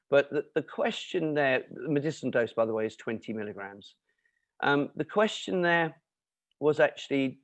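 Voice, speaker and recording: A man answering questions in an explanatory talk, lecturing in an animated way with emphatic asides and fillers. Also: mid-range voice, no echo. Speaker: nutrition and cancer speaker answering questions.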